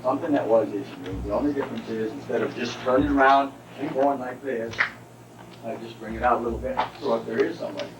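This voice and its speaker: Male karate instructor demonstrating at a seminar, mid pitch, distant and reverberant, noisy 1989 recording. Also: fast talker. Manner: explanatory, keeps checking in with listeners. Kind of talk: seminar demonstration, explaining techniques. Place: training hall at a seminar.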